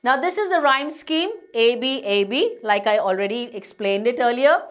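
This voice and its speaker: A woman's voice: a little high, lively intonation, normal speed. A woman teacher with an Indian English accent, explaining a lesson to students, patient and repeating points to reassure them. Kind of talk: online class lecture.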